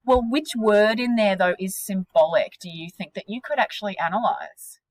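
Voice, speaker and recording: A woman teaching a literature class, energetic and questioning, with casual slang. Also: mid-range voice, moderate pace, no room sound, poor audio.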